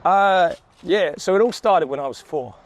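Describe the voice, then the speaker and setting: Man, 30s, slightly high voice, easygoing walk-and-talk vlogger, swears a lot, city street. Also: lively intonation, normal speed. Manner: laid-back, swears freely, laughs often. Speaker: vlogger, sales coach. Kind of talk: casual walk-and-talk storytelling.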